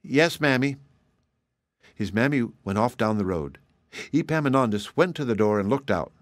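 A man reading a traditional children's story aloud, in a measured way that slows gently for effect. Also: on the low side, expressive, no echo, clean studio sound.

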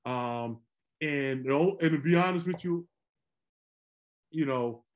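Middle-aged man, higher voice, animated storyteller, word repeats. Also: takes it slowly, muffled recording. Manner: animated, rambling, repeats words. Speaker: former pro basketball player, co-host. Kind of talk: casual storytelling chat.

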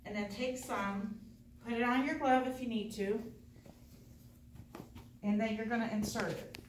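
A woman teaching a hands-on dental class, chatty and encouraging with quick asides. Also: fairly high pitch, a little hiss or hum. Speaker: dental assisting instructor. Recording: echoey room, voice from far off.

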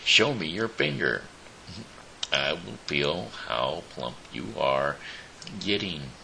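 A man's voice: very deep voice, sing-song, takes it slowly, creaky, sharp tone, slight background noise, exaggerated voice. A man voicing a greedy old witch in a storybook, speaking sharply and snapping at the children. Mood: coaxing. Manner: snapping, harsh.

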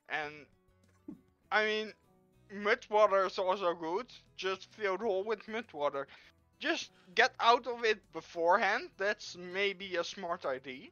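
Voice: mid-range voice, unhurried, bright, forceful tone, no echo, muffled recording, faint music behind. A speaker giving an improvised comic talk, rambling and laughing mid-sentence. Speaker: improv game player.

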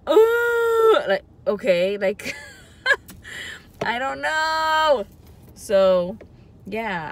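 Woman vlogging in her car, low-ish voice, kinda teary, rambly and unsure, faint car noise around. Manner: hesitant and rambling, many trailing-off phrases. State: emotional, on the verge of tears. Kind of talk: casual confessional vlog. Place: parked car in a parking lot.

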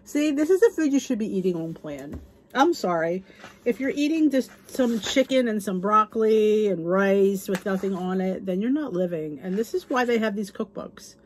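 A woman's voice: medium pitch, lively intonation, moderate pace, slight background noise. A woman hosting her cooking channel, chatting casually as she reads recipe names aloud and gushes over the food, now and then dropping into a whisper. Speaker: cooking channel host reviewing a cookbook. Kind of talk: casual chat.

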